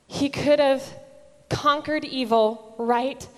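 A woman speaks at a very unhurried pace, with long pauses, her voice a little higher than most. She sinks to a near whisper on the key words of her devotional reflection. A long echo of a large hall carries every phrase. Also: fairly even intonation. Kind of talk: slow dramatic devotional reflection.

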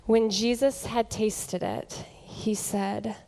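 Woman, devotional reflection, extremely slow, long pauses, near-whispered key words, long hall echo. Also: medium pitch, flat delivery, vocal fry, warm tone.

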